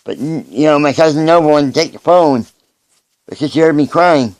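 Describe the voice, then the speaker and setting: A man recording a personal video message, speaking earnestly and haltingly, often restarting his sentences. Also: fairly high pitch, darkish tone, dry recording.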